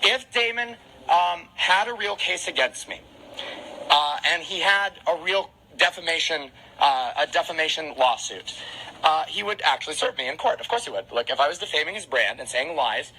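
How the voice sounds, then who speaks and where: A man in his twenties ranting on a livestream from his home, anxious and panicked, talking fast with restarts and swearing. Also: fairly high pitch, lively intonation, pushed and bright, a little hiss or hum, low-quality recording. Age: 20s. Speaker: car content creator on a livestream. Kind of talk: agitated livestream rant. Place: at home, alone.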